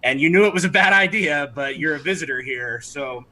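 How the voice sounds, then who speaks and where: A man's voice: on the high side, fairly quick, pushed and bright, a little hiss or hum, low-quality recording. A man narrating a tabletop game as game master, chatty, with frequent restarts. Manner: chatty, with many restarts and fillers.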